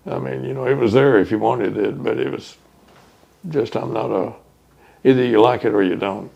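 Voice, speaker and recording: An older man from Texas, recalling his hometown in an oral history interview, unhurried and full of fillers. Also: medium pitch, gravelly, a little mellow, slightly rough, highs cut off. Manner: reminiscing, unhurried with many fillers.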